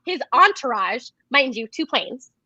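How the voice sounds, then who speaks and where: A high, bright woman's voice chatting as a guest on a video call, lively in her storytelling. The sound is dull and lo-fi and very dry. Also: a little slow, husky, dry recording. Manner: animated storyteller who acts out quoted dialogue. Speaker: podcast guest, direct sales coach. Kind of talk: casual interview chat.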